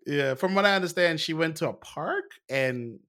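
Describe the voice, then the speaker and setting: A man in a casual chat about TV shows, relaxed and opinionated, often restarting his sentences. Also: on the high side, moderate pace.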